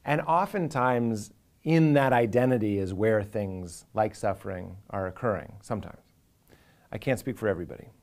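A man's voice: on the low side, normal speed, a little mellow. A man, a comedian talking earnestly and with animation in a reflective interview, now and then acting out inner voices for a laugh.

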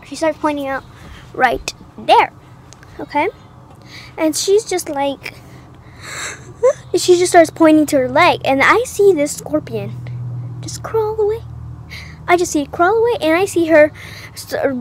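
High-voiced young woman telling a dramatic story. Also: a little hiss or hum. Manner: animated, dramatic retelling with gasps and acted-out quotes. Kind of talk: casual storytime. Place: at home, indoors.

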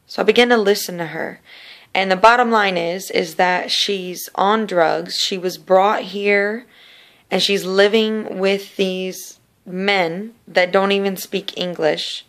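A woman's voice: medium pitch, fairly even intonation. A woman sharing a personal faith testimony in an earnest, casual storytelling way, often repeating words. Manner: earnest, repetitive, slow in places.

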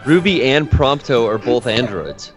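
A man's voice: mid-range voice, lively intonation, measured pace, over loud music. A man co-hosting a podcast in casual chat, teasing and mocking a friend. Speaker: podcast co-host.

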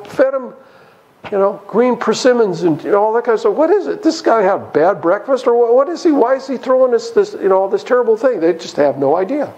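In a church hall, a man with a high-sitting voice leads a Bible study on a rough recording. He's animated, acting out the characters' voices and lines and putting questions to his listeners.

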